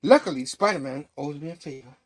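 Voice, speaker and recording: A man's voice: a little high, fast, close to an everyday voice. A man reading a frightened young woman's lines with urgency in his own voice. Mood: urgent. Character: scared young woman, crime boss's daughter.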